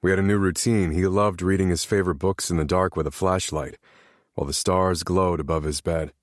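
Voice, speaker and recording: Male narrator, very deep voice, calm even storytelling, dry close mic. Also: brisk, no room sound. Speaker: audiobook narrator. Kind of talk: romance audiobook narration.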